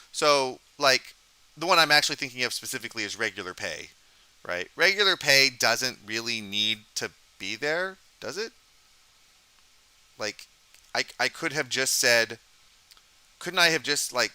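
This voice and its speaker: A man's voice: medium pitch, bright, forceful tone, smooth, no room sound. A man teaching a college programming lecture, talking casually while coding live, thinking aloud and asking the class questions.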